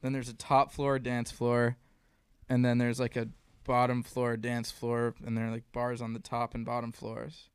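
Smooth-voiced young man chatting. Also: mid-range voice, monotone, normal speed, dry recording. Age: 20s. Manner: chatty, adds wry asides and detail. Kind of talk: casual chat.

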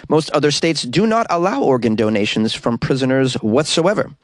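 A man's voice: mid-range voice, very animated, normal speed, no room sound. Sarcastic man riffing on news stories. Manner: sarcastic, wry asides. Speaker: news commentary host. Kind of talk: reading news with joking asides.

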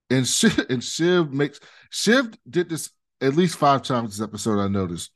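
A man's voice: mid-range voice, sing-song, moderate pace, hardly any pauses. A man co-hosting a podcast, casually recapping a TV episode in a loose, rambling way with many fillers. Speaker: podcast co-host.

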